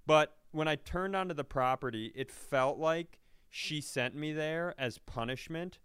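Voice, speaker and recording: Profane storytelling comedian, smooth voice. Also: male voice, a little high, measured pace, no echo, clean studio sound. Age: middle-aged. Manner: animated, profane, laughs through the story. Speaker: stand-up comedian, podcast guest. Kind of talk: casual storytelling chat.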